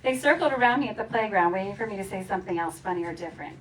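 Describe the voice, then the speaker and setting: A woman's voice: medium pitch, lively intonation, very fast, fairly bright tone. A woman reading from her own memoir at a community celebration, playful and often laughing as she acts out the funny parts. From Philadelphia area. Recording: distant mic with faint ambient noise.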